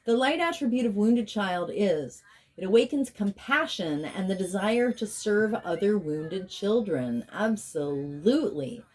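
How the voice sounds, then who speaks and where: A woman's voice: fairly low pitch, a little mellow. A woman giving a spiritual tarot reading in a rambling, chatty way, with stretches of chanted, repeated affirmations. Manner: rambling, chatty asides, drops into intense repeated incantations. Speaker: tarot reader and spiritual healer.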